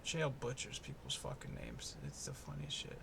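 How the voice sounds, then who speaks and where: A man's voice: medium pitch, huge pitch swings, normal speed, vocal fry, noisy background. A young man hosting his own podcast, talking in a laid-back, profane, rambling and jokey way. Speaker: podcast host. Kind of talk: casual solo fight-prediction podcast. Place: home in the US East Coast.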